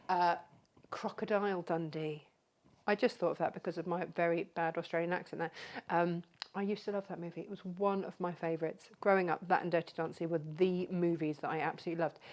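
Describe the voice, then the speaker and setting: A woman's voice: lowish voice, a little mellow. A woman hosting a live craft demonstration, chatty and rambling as she greets viewers by name. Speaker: craft show host.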